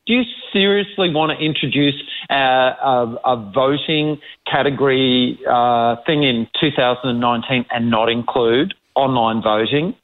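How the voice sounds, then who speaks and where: A man's voice: medium pitch, unhurried, hardly any pauses. Australian man on a tinny phone line. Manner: emphatic, mocks critics in put-on quoted voices. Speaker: co-host. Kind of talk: casual radio chat.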